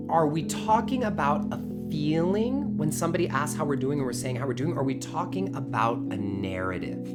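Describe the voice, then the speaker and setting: A man leading a live online workshop, talking casually and acting out everyday small talk as he teaches. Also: medium pitch. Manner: animated, acts out quoted small talk; casual, addresses listeners as y'all. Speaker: workshop leader. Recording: loud guitar music behind the voice. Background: live guitar music.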